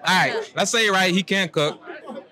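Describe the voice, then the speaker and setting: A man's voice: high-pitched, moderate pace. A man hosting a casual street interview outdoors, with a playful, teasing manner. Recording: crowd noise behind.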